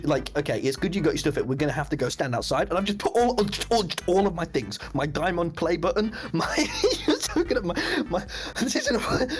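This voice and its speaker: On a stream, a young man casually tells a rambling story, laughing a lot. His pitch jumps up whenever he recounts how shocked he was.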